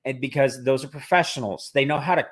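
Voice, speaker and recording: A man co-hosting a relaxed talk show, his voice sitting in an ordinary middle range. He speaks bluntly and swears freely, often rattling off points in quick bursts. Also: medium pitch. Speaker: podcast co-host. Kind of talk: casual chat.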